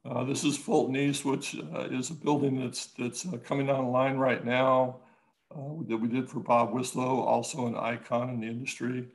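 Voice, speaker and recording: A man, an architect, talking casually in an interview, halting with many restarts and growing lively when he tells a story. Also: medium pitch, rough recording. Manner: halting, many restarts and fillers, animated when telling stories.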